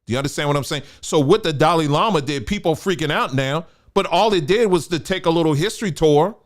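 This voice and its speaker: Fast and lively in intonation, a fairly high-pitched man runs a commentary show with a preachy, emphatic monologue. Repetition drives his points, and he treats his listeners as family.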